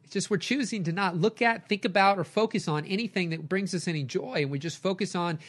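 A middle-aged man, a coach and podcast host, giving an energetic motivational talk with lively storytelling. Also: sits high, fairly quick. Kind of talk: motivational talk, live stream.

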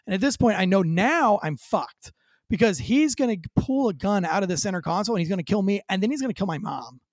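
A man, a former police officer, telling a dramatic story with high energy as an interview guest, acting out quoted lines. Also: lively intonation, fast, dry recording.

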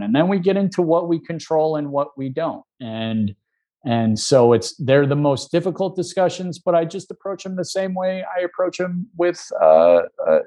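A man, a former reporter, calmly explaining how he handles press coverage in a conversational interview. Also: medium pitch. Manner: measured, calm, with frequent restarts. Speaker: media relations advisor, former reporter.

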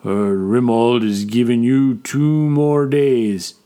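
A man voicing a burly, taciturn male sailor who rumbles slowly in few words. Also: steady tone, dark tone, lightly acted.

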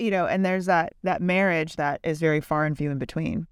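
A woman's voice: low voice, fairly even intonation, fairly quick, few pauses, clear, resonant tone, dry recording, studio quality. A woman co-hosting a podcast, chatting casually, teasing her guest and thinking aloud in loose run-on sentences. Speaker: podcast co-host. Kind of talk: casual interview chat.

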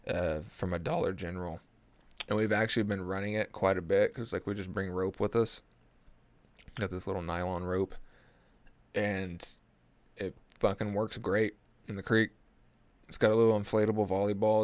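A man's voice: low voice, no echo. A man, rambling through a profane, jokey monologue as a podcast host. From Oklahoma. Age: early 20s. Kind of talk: casual comedic monologue.

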